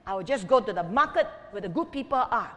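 A woman voicing a proud, cross young male donkey who shouts indignantly. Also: medium pitch, animated, fast talker, in a large hall, close to an everyday voice.

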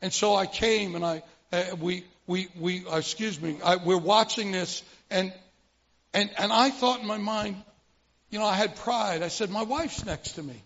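A man's voice: sits high, steady tone, moderate pace, gravelly, a bit bright. An older man giving a dramatic personal testimony in a church hall, a vivid storyteller who acts out scenes and often restarts his sentences. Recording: muffled recording with long hall reverb.

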